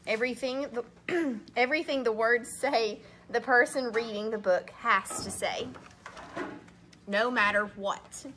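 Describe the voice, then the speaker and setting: A woman's voice: a little high, measured pace, sharp tone, slight background noise. A woman reading a children's book aloud, playfully acting exasperated and making silly sounds. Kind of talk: picture-book read-aloud.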